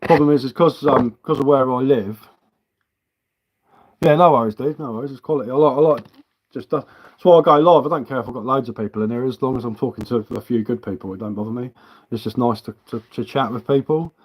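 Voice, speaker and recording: A man's voice: medium pitch, fast, poor audio. Chatty Sussex man rambling on a livestream. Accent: Sussex English mixed with a London tinge. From Sussex, England. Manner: rambling, chatty, matey and loose. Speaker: livestream host. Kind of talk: casual live-stream chat.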